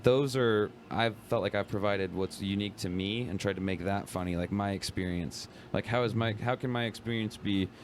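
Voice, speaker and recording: A young man with a deep, low voice talks about comedy in a loose, rambling way, full of fillers and "bro". A faint hiss sits behind him. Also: moderate pace, hardly any pauses. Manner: laid-back, rambling, lots of "like" and "bro". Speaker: guest comedian. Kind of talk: casual podcast chat.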